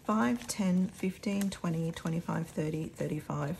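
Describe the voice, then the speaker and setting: A woman's voice: lowish voice, unhurried, creaky, darkish tone, slight background noise. An Australian woman vlogging casually at home, chatting to viewers while counting out cash. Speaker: budget vlogger.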